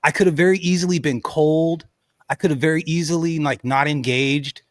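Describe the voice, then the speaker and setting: Male host, high voice, dry close sound; animated storyteller who laughs a lot. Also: moderate pace, no room sound. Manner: animated, laughs often, says "bro" and "you know what I'm saying". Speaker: podcast host. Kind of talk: casual storytelling chat.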